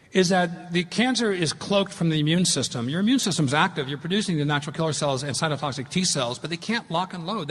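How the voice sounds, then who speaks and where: A man's voice: on the high side, a bit bright. A middle-aged man giving a public lecture with slides, earnest and emphatic as he tells a story. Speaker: speaker giving a talk. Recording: long hall reverb.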